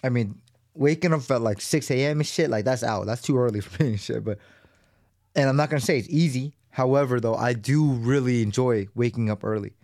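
A man's voice: medium pitch, fairly quick, darkish tone, dry recording. Rambling profane man in his thirties, dry sound. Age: 30s. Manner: loose, profane, rambling with many fillers. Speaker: podcast host. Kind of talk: solo podcast monologue.

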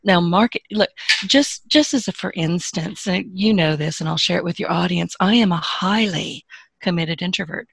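A woman's voice: fairly low pitch, moderate pace, gravelly, husky, dry recording. A woman, a podcast guest who gives business advice in a frank, emphatic and joking way. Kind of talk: casual interview advice.

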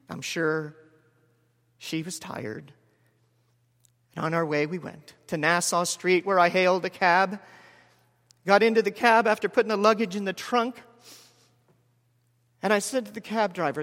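A man in his forties preaching a sermon as a story, measured with dramatic pauses and soft drops. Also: on the high side. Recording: long hall reverb.

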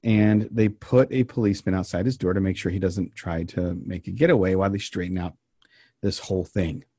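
A lower-pitched man talks in a dry, close-miked sound as he co-hosts a podcast. He tells a strange story in a loose, meandering way, full of ums and deadpan jokes. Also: fairly quick, no echo. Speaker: podcast co-host telling the story. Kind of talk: casual banter and storytelling.

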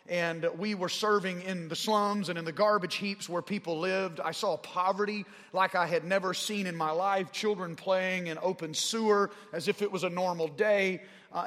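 A man in his forties from Arkansas with a Southern drawl, telling a story in a sermon and growing fervent as he goes. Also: fairly bright tone. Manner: rising in pitch and volume as he gets fervent. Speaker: pastor. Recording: long hall reverb.

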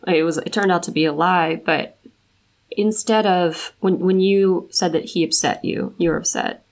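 A woman co-hosting a podcast, calmly explaining the pattern behind a guest's story. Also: lowish voice, normal speed. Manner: calm, analytical explaining. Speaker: podcast co-host. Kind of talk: casual podcast conversation.

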